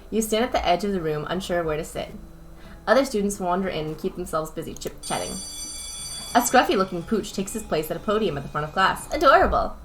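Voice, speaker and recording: A woman's voice: medium pitch, a bit bright. A young woman streamer reading a game's text aloud, casual with joking asides.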